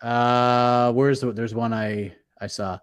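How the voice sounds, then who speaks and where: A man hosting a casual panel chat, easygoing, often trailing off quietly. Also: mid-range voice, steady tone, slow pace, clean tone. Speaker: host.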